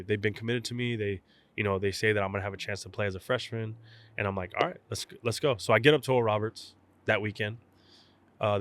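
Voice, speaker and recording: A young man from South Texas with a fairly low voice tells a story in an easy, casual way. He acts out each side of the conversations he remembers. The sound is dry and close, with no room echo. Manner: animated storyteller, acts out both sides of phone calls. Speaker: guest, professional baseball catcher.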